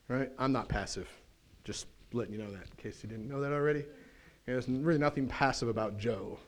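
A man preaching a sermon as pastor in a church, in a folksy, animated way with casual slang and quick asides. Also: medium pitch.

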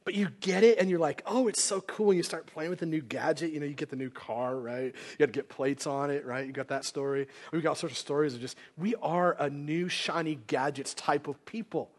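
Male pastor with a high-pitched voice, relaxed conversational sermon delivery to a live church. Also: brisk, hardly any pauses. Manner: casual conversational preaching, acts out quotes. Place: church sanctuary, live congregation.

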